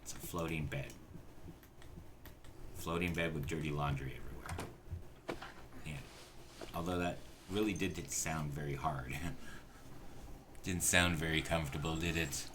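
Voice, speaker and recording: Deep-voiced, exasperated swearing streamer. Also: male voice, a little slow, long pauses, background noise. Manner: exasperated, profane, talks to the characters. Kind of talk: casual gameplay commentary.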